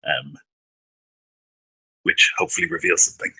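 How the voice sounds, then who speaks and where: A man's voice: low-pitched, moderate pace, pauses often, sharp tone, husky, poor audio. A man playing a tabletop game, describing his character hesitantly, full of ums. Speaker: player. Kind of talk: tabletop role-play.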